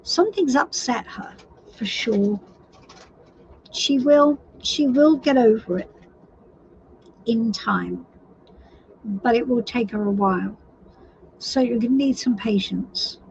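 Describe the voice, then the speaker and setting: A woman does a live tarot reading for viewers, chatty and sympathetic, frequently restarting her sentences. Her slightly high voice is gravelly and darkish, slow with long pauses. The stream audio is slightly dull and lo-fi with faint noise.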